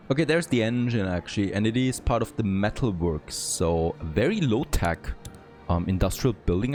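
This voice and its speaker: A man who is not a native English speaker talks through a city-building game in a low, gravelly voice, thinking aloud as he goes and perking up when something works. Faint music plays behind him. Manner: thinking aloud, easily excited, frequent "there you go". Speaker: gameplay commentator. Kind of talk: let's play commentary.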